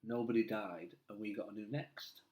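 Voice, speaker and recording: A man's voice: lowish voice, fairly even intonation, normal speed, darkish tone. A middle-aged comedian with a Manchester accent, chatting casually and rambling through self-deprecating anecdotes, laughing as he tells them. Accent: Mancunian. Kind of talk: casual chat. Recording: roomy echo.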